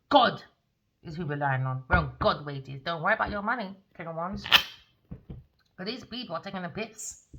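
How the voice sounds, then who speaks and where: A woman's voice: lowish voice, bright, forceful tone, highs cut off. A woman doing a tarot reading in a casual, blunt, scolding manner, swearing freely. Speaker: tarot reader.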